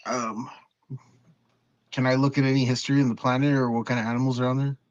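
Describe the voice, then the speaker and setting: A man's voice: mid-range voice, level tone, fast. Man playing a tabletop game, dull sound. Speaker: player. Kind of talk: casual tabletop play.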